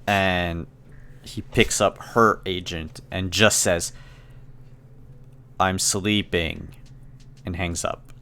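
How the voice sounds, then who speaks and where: Low-voiced man narrating as game master. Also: takes it slowly, clear, resonant tone. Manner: relaxed, hesitant narration with many fillers. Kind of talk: narrating a tabletop role-playing game.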